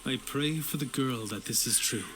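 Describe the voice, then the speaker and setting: A man's voice: medium pitch, moderate pace, noisy background, natural voice. An actor voicing an earnest man pleading for help in a video game. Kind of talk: game voice acting. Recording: game audio with loud music.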